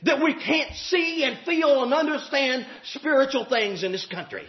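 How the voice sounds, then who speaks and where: A man preaching a sermon, impassioned and shouting at times, drawing out emphatic phrases. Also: extremely high pitch, normal speed. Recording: echoey, dull hall recording.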